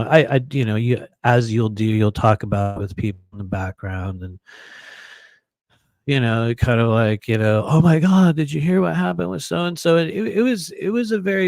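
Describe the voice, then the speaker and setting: An animated man telling a story in a casual, rambling monologue, stopping and restarting often and acting out other people's lines. His voice sits at an ordinary middle pitch. The sound is dry and close, with almost no room echo. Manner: animated, acts out quoted voices, laughs often; frequent fillers and restarts. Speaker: podcast host.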